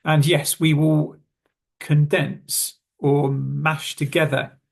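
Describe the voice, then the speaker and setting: A British man teaching English pronunciation, calmly explaining and saying example phrases slowly and clearly. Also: fairly high pitch. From Britain. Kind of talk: online lesson, reading notes and modelling phrases.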